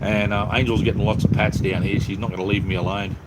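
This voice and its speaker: This Australian man talks fast in a low-ish, flat delivery while hosting a casual live chat from his home workshop. He's easygoing and calls everyone mate, and the background is very noisy.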